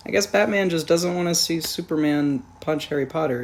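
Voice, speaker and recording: A woman's voice: deep voice, brisk, creaky, hardly any pauses. A woman giving a sarcastic, jokey movie review as the channel's host, with casual swearing and asides. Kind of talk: sarcastic comedic film review.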